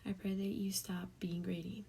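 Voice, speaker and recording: A young woman giving an earnest, heartfelt Bible study talk, often speaking softly. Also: medium pitch, level tone, normal speed, slight background noise. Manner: earnest, emotional, often soft and breathy. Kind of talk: casual devotional talk. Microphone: tablet mic.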